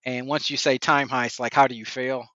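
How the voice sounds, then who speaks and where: Dude on a podcast picking apart a movie, bright voice, kinda dull dry mic. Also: male voice, medium pitch, level tone, normal speed, no echo. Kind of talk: casual movie discussion.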